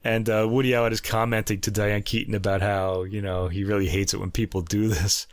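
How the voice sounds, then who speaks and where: A man hosting a casual classical music review, chatty and digressive, laughing at his own jokes and slowing down to spell out foreign terms. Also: fairly low pitch, little pitch movement, no echo. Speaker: host reviewing a classical album.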